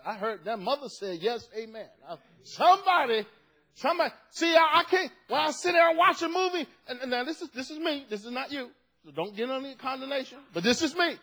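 A middle-aged male pastor preaching a sermon, swinging from shouted emphasis to hushed asides. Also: extremely high pitch, animated, fairly quick, poor audio.

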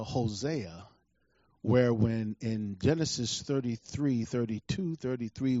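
Male pastor, middle-aged, lively high voice, preaching with dramatic character voices, dry lo-fi sound. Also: no room sound. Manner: animated preaching, acting out scripture voices, laughing asides. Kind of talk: sermon. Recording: dull lo-fi sound.

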